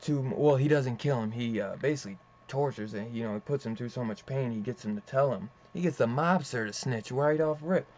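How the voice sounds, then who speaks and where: A young man casually reviewing a comic book, rambling and excitable, swearing and saying "dude" often. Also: mid-range voice, fairly quick, hardly any pauses. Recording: slightly dull lo-fi audio with faint hiss.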